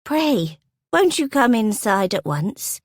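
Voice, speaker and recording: A woman's voice: on the high side, sing-song, takes it slowly, no room sound, clean studio sound, voice pushed up, full character voice. A woman doing a timid frail old housekeeper. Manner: timid, soft, apologetic.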